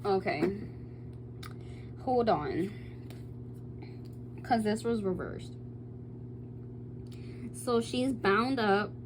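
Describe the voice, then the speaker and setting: A woman giving a casual tarot reading to camera. She chats loosely, swears freely, reads card meanings aloud and bursts into excited squeals. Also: medium pitch, extremely slow, long pauses, noisy background. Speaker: tarot reader.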